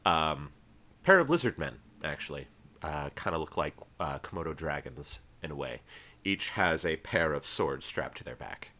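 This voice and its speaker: A man narrating a tabletop game as game master, describing scenes in a relaxed way with fillers. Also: rumbling low, normal speed.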